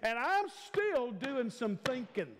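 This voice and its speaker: A man in his fifties preaching with an emphatic, repetitive cadence. His voice is very high and swoops widely as he draws the words out slowly. Long reverb from a large church sanctuary hangs behind every phrase. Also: sing-song, a bit bright. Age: 50s. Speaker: guest preacher. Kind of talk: sermon.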